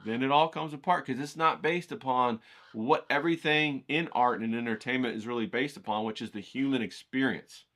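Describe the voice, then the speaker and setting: A man hosts an art livestream, speaking in a rambling, folksy monologue full of digressions and saying "you know what I'm saying." His mid-range voice is brisk and a bit bright.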